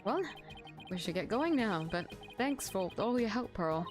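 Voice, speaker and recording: A woman's voice: mid-range voice, lively intonation, measured pace, faint music behind, close to an everyday voice. A woman reading the lines of an earnest, slightly nervous young male lawyer in a game.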